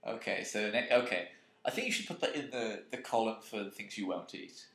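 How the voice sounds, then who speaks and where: A man's voice: on the low side, expressive, a little fast, vocal fry, fairly bright tone, reverberant. A man co-hosting a podcast, teasing his friend with silly hypothetical questions in casual chat. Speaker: podcast co-host.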